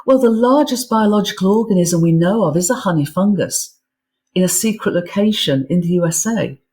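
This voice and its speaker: A woman's voice: lowish voice, animated, fairly quick, darkish tone. A woman being interviewed as an author, explaining science with enthusiasm and often repeating words as she builds her thoughts. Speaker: guest author and physicist. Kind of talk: interview conversation.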